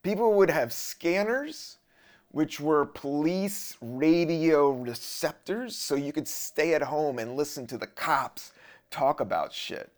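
A man's voice: a little high, lively intonation, slow pace. A man from Southern Virginia hosting a podcast, rambling casually in a laid-back, profane monologue. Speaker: podcast host.

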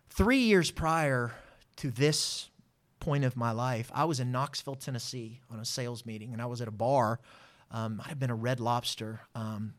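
A man, a guest telling a personal testimony with lively acted-out dialogue. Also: medium pitch. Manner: animated, acts out voices in his story. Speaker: interview guest. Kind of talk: storytelling testimony.

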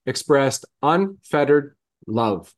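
A man's voice: medium pitch, animated, slow pace. A man in casual podcast chat, telling a moving story earnestly, his voice catching as he fights tears.

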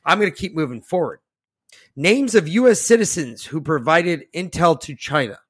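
A man hosting a podcast, reading an article aloud and ranting in a boastful, profane way that swings from muttering to loud outbursts. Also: a little high, lively intonation, moderate pace, husky, no room sound, clean studio sound. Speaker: podcast host.

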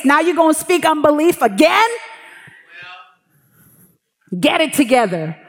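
A woman preaching a sermon from the pulpit, telling lively stories and acting out her own prayers and God's replies. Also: sits high, in a large hall. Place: church pulpit.

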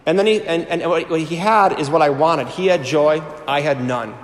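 A priest in his thirties telling his personal testimony to a live audience. He tells it with animated storytelling and acts out the voices he quotes. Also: fairly high pitch, normal speed. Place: large hall before an audience. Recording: echoey hall with long reverb.

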